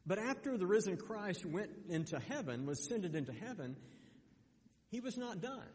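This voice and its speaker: A man's voice: on the high side, a little mellow, big-room sound. A man preaching a sermon, earnest, often repeating words as he restarts. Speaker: pastor.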